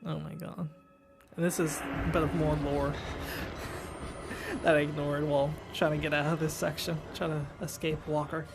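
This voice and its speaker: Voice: mid-range voice, flat delivery, normal speed, gravelly, over music. A gamer giving let's play commentary, chatty and giggly, talking to viewers.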